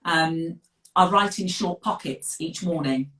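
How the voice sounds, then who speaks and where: A middle-aged woman with a Birmingham accent, chatting as a guest author on a live video call, direct and quick to laugh. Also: lowish voice, a bit bright. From West Midlands of England. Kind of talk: casual live interview. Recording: echoey room, distant from the mic.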